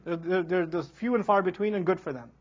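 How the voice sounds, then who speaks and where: Guy teaching quran with jokes, highish husky voice, acts out little characters, kinda muffled lo-fi recording. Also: brisk. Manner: animated storyteller, acts out quoted characters. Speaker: Islamic teacher. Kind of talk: humorous Quran lecture.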